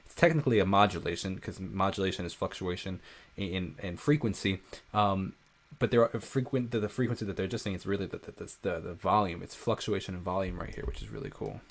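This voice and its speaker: A man's voice: low-pitched, fast, vocal fry. A young man who is a musician, giving casual reaction commentary on a song and breaking down its production, with many "like" fillers. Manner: analytical, with frequent "like" fillers.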